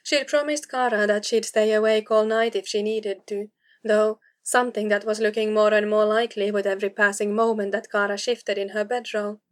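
Woman narrating a story calmly. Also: mid-range voice. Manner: calm, measured. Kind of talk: audiobook narration.

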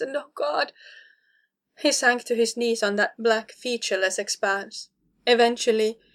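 A woman narrating a story aloud in a steady, expressive way. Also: fairly high pitch. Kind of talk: reading fiction aloud.

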